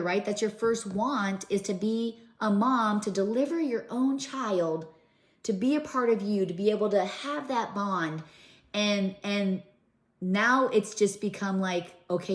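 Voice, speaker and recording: A woman's voice: mid-range voice, slow, roomy sound. A middle-aged woman telling her own story to camera in an earnest, emotional way, with many fillers and restarts. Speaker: vlogger.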